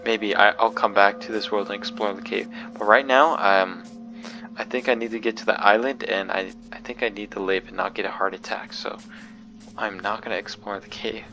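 Guy doing scared game commentary, kinda jumpy, says stuff twice, soft music behind. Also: fairly low pitch, fairly even intonation, moderate pace. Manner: jumpy and nervous, repeating himself. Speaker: gaming video creator.

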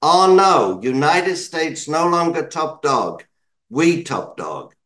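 Boastful young waitress, British man quoting her, clipped phrases, slightly raised pitch. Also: sing-song, slow, fairly bright tone, roomy sound, full character voice. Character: blunt, proud young woman working as a coffee-shop waitress.

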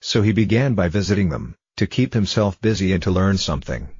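Male storybook reader, calm and measured, deep husky voice, dull dry lo-fi recording. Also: no echo. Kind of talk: reading a storybook aloud for English learners.

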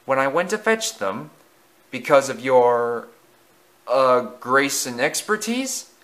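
A man's voice: medium pitch, very animated, takes it slowly, a bit bright. A man voicing a small male tank engine who talks in a teasing, wry way.

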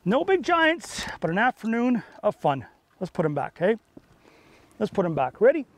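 Excitable fishing host. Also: male voice, high voice, moderate pace, a little hiss or hum. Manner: excitable, salesy, punchy phrases. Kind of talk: on-the-water fishing commentary. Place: outdoors on a boat on a lake.

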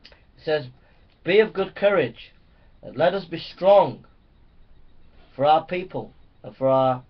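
A man's voice: a little high, slow pace. A man preaching a sermon to pastors, reading scripture and urging them on with fervent, rising exhortation. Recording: dull lo-fi recording.

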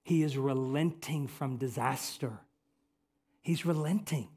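A male pastor preaching a sermon, swinging between loud emphatic lines and quiet, intimate appeals. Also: medium pitch, takes it slowly, breathy edge. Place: church sanctuary.

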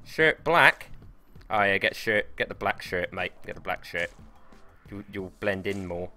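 A man giving casual, excitable and sweary commentary while livestreaming a game and talking to his chat. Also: low voice, a little slow, faint music behind. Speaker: game streamer.

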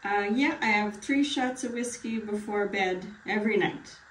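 Here a woman's natural, mid-range voice comes through at normal speed, a bit bright, with slight background noise. Taking the part of a retired older man with a bad cough in a practice doctor-patient scene, she sounds tired and keeps her answers short and plain. It's recorded far from the mic in an echoey room with faint ambient sound.

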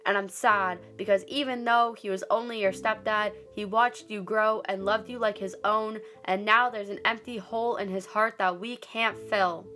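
A teenage girl speaks a spoken-word monologue in an earnest, measured way, each line weighed down by grief. Her voice sits at an ordinary middle pitch. Soft music plays faintly behind her. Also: steady tone. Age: late teens. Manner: earnest, deliberate, grief-laden delivery. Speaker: student narrator.

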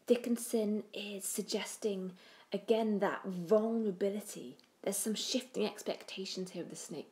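Woman teaching a poem, lowish voice, thoughtful, restarts, trailing off softly. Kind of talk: poetry analysis lesson.

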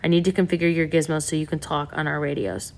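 Storybook male leader, brisk and commanding, voiced by a woman narrator. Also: low-pitched, steady tone, creaky. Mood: urgent. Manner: clipped, giving orders.

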